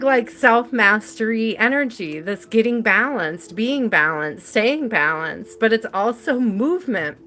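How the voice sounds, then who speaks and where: A woman giving a live tarot reading in a relaxed, chatty way. She giggles easily and speaks straight to her viewers by name. Her voice sits at a middle pitch. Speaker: tarot reader.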